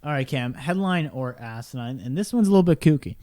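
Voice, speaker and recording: Young male co-host, goofy riffing storyteller, medium pitch, dry close mic. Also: lively intonation, brisk, few pauses, dark tone, dry recording. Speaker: podcast co-host. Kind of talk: casual comedic chat.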